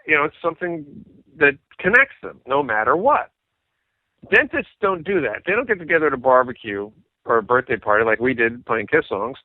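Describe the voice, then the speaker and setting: A man's voice: mid-range voice, a little fast, no echo. Man telling stories on a tinny line. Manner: animated anecdotes, acts out quoted dialogue. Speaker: interview guest, rock bassist. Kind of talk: casual storytelling. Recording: dry tinny phone-like sound.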